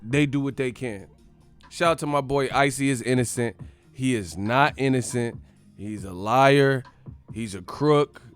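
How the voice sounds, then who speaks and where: A man hosting a boxing channel in casual, playful banter full of slang, often breaking into loud yelled movie catchphrases. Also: medium pitch, unhurried, smooth, soft background music.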